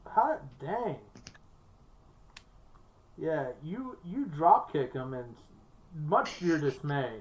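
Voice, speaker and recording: A woman with a deep, low voice runs a tabletop game as game master. She narrates the action loosely, with plenty of fillers, and often breaks into laughter. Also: sing-song, unhurried, a little mellow, low-quality recording.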